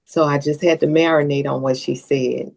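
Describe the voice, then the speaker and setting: A woman's voice: low-pitched, fairly even intonation, normal speed, gravelly, a little mellow. A woman guest on a podcast, telling a personal story in an earnest way that turns tearful at times. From Southern US.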